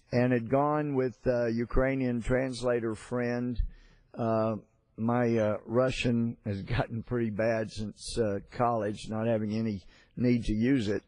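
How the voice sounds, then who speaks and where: Slow-talking congressman, dry close mic, rambling anecdote. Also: mid-range voice, fairly even intonation, a little mellow, dry recording. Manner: storytelling, halting with fillers and restarts. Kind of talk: floor speech with anecdote.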